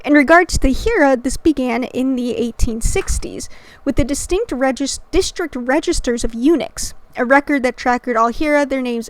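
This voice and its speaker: A woman's voice: sits high, dry recording. A woman hosting her channel, reading a scripted educational narration earnestly and dropping in casual slangy asides. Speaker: channel host.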